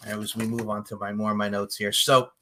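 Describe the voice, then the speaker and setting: A man hosting a podcast, recapping a movie in casual chat, animated and profane, often laughing. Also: lowish voice, fast, slight background noise. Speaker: podcast host.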